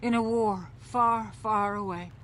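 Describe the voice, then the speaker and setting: A woman's voice: medium pitch, fairly even intonation, unhurried, crowd noise, natural voice. A woman playing a distraught, pleading wife. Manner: pleading, soft, sometimes whispered. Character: distraught wife pleading for her husband's innocence. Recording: game audio with faint noise.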